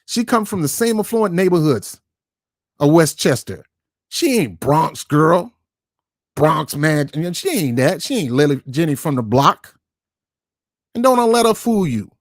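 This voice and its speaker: A man's voice: on the high side, very animated, normal speed, dry recording, studio quality. A man hosting his own online show, giving ranting political commentary in an emphatic, confrontational way and repeating words for stress. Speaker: YouTube commentary host.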